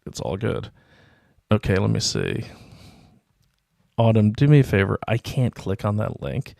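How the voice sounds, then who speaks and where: Speaking at a measured pace, a middle-aged livestream host uses a lowish, creaky, darkish voice that is very animated. On his self-produced stream, recorded on a desk mic with clean, echo-free studio quality, he rambles through stories and reads viewer comments, poking fun at himself.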